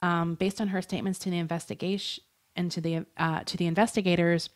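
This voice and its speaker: A woman's voice: lowish voice, flat delivery, fast talker. A woman co-hosting a podcast, telling a true-crime story in a casual, chatty way with many fillers and frequent laughs. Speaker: podcast co-host.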